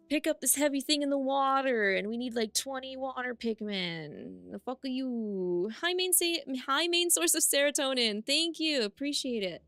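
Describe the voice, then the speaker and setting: A young woman streaming a game live, commenting in an excitable way, often yelling, swearing and laughing at the screen. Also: mid-range voice, no echo. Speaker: VTuber streamer.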